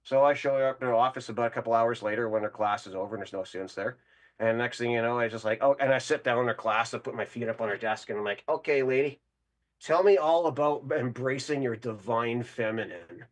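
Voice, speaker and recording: Fast and fairly even in intonation, a mid-range male voice belongs to a Winnipeg, Canada caller. He rambles casually through a crude, boastful tale on a call-in show, laughing along the way.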